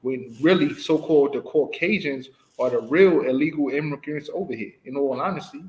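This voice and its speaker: A man's voice: mid-range voice, normal speed, darkish tone, rough recording. A man leading a casual scripture study, stopping the reader to explain verses with emphatic, repeated "right?" prompts. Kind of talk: casual Bible study teaching.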